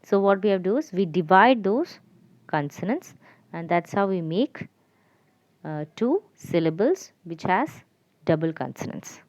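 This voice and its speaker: A woman teacher giving a lesson to children, repeating and spelling out letters slowly. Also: mid-range voice, lively intonation, darkish tone, no room sound. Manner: slow, repetitive, spelling out letters.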